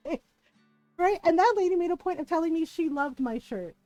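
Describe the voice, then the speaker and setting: A woman with a high voice tells an animated story to her stream, laughing often and tossing in "right?" every few lines. The sound is close and dry. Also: normal speed, no echo, dull audio, soft background music. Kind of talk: casual storytelling chat.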